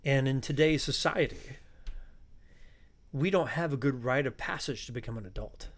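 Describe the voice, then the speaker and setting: A man's voice: medium pitch, moderate pace. Reflective middle-aged man as podcast guest. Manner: reflective, philosophical, thinking aloud. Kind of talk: casual conversation.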